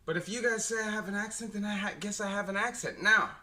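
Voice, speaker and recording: Young Canadian man, Canadian accent, bright slightly high voice, casual streetwise vlogger. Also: quick pace. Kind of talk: casual explainer monologue.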